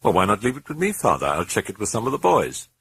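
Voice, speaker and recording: A man's voice: on the low side, huge pitch swings, quick pace, creaky, fairly bright tone, breathy edge, no room sound, pitched above the performer's own voice, heavily acted. A man voicing an obliging, courteous scholar at a language institute.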